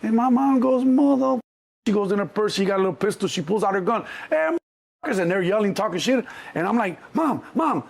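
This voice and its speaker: Man, middle-aged, gravelly voice, somewhat high, animated storyteller who acts out quotes. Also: fast talker. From Chicago. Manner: animated, acts out quotes loudly, swears freely. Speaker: guest. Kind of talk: storytelling interview.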